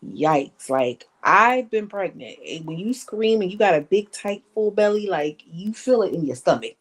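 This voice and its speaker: A woman commenting in a casual gossip vlog, animated, emphatic, slangy and blunt. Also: mid-range voice, moderate pace. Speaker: online commentator.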